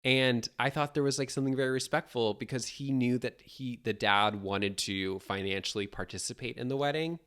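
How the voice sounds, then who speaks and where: A podcast co-host chatting casually, telling stories in an animated way and acting out quotes. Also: medium pitch, brisk, few pauses, clear, resonant tone. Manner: animated, lively storytelling with acted-out quotes. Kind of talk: casual chat.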